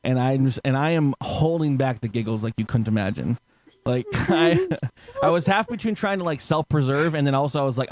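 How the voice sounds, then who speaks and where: A man's voice: medium pitch, sing-song, a little fast, a little mellow. A man telling a story in casual chat, laughing often and acting out quotes with swearing.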